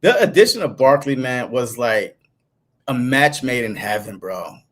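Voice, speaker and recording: A man's voice: mid-range voice, animated, unhurried, fairly bright tone. A man co-hosting a sports podcast in a laid-back, casual chat style, dropping fillers like "man" and "bro". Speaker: podcast co-host.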